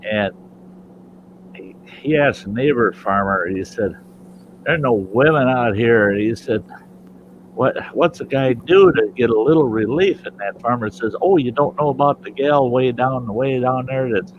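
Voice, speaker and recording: A man's voice: mid-range voice, a little slow, a little hiss or hum. A man hosting an online campfire chat, telling jokes and voicing the characters in his stories. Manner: storyteller who voices his characters. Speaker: host. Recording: slightly dull, muffled sound.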